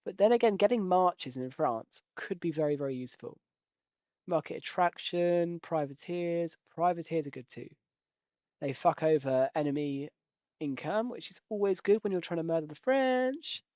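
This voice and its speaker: Recorded at studio quality with no room sound, a man with a somewhat high, animated, slightly mellow voice talks at a moderate pace. He gives rambling, jokey commentary as he plays a strategy game, making self-deprecating jokes and occasionally swearing.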